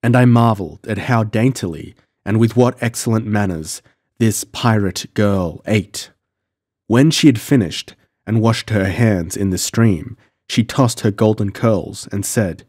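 A man narrating a pulp adventure audiobook in the first person, measured and dramatic. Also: lowish voice, darkish tone, dry recording, studio quality.

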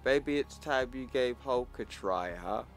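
A man's voice: mid-range voice, lively intonation, measured pace. A man reading lines for a brutish, jealous male monster in a comic recap, in his usual voice. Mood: taunting.

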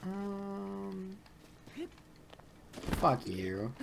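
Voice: medium pitch, very animated, extremely slow, gravelly, background noise. A let's play gamer giving casual gameplay commentary, swearing often and muttering irritably at the game.

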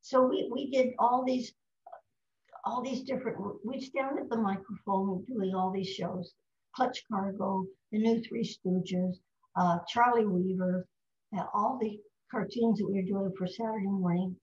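Lively older woman telling stories. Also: mid-range voice, unhurried. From United States. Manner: lively, anecdotal, fond of putting on voices. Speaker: guest, voice actress. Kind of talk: casual storytelling interview. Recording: roomy, slightly dull recording.

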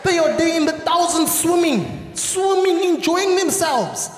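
A South African man doing live stand-up comedy on a large theatre stage, animated and shouting his punchlines. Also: extremely high pitch, measured pace. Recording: echoey theatre hall with audience laughter.

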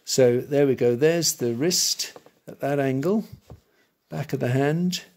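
A man's voice: medium pitch, slow pace, a little mellow. A man giving a live drawing tutorial, thinking aloud and correcting himself as he sketches. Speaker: art teacher.

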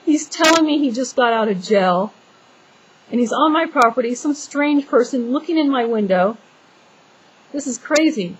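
A woman's voice: high-pitched, expressive, normal speed, slight background noise, low-quality recording. A woman venting in a casual vlog, talking in an exasperated, rambling way with many restarts and fillers. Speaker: homeowner venting to viewers.

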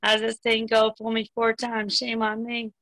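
A woman comedian doing a short stand-up bit on a video call, dry and deadpan. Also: a little high, normal speed, no echo, poor audio. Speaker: comedian guest.

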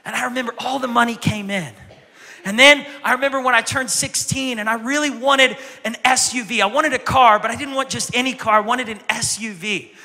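A pastor preaching a sermon in a bright, ringing, fairly high voice, with lots of echo from a long hall reverb. He tells stories with animation and acts out the voices of the people in them. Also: a little fast, creaky. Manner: animated storytelling, acting out childhood voices loudly.

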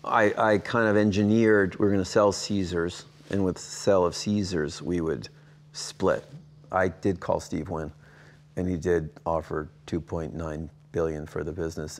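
A man in his sixties, an interview guest, telling business stories and acting out the dialogue with big jumps in his voice. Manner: animated anecdotes, acting out quoted dialogue with big jumps in pitch. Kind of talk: storytelling in a sit-down interview.

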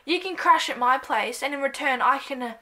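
An Australian woman vlogging a playful, self-mocking comedic monologue to camera, breaking into loud bursts. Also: high-pitched, brisk.

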